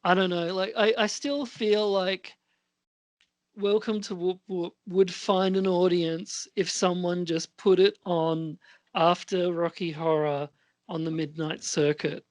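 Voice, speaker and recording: A man's voice: sits high, flat delivery, slow pace, dry recording. A man co-hosting a podcast, chatting casually about films in a rambling, hesitant way with many fillers. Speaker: podcast co-host. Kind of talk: casual film chat.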